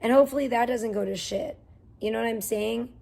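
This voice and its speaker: A woman's voice: fairly high pitch, fairly quick, vocal fry, dark tone. A young woman streaming from home, venting in a profane, rambling rant. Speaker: livestreamer. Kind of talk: angry livestream rant.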